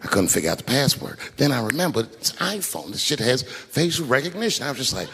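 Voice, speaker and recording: A man telling stand-up comedy stories, acting out the people in them and dropping to a hushed mumble for sheepish asides. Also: medium pitch, fast talker, heavy background noise. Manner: animated, acts out the voices of people in his stories.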